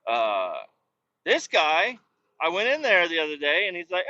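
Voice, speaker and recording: A man's voice: fairly high pitch, huge pitch swings, a little slow, sharp tone, muffled recording. A man hosting his own podcast, ranting casually and profanely while driving, complaining with self-mocking humor. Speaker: podcast host. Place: vehicle on the road.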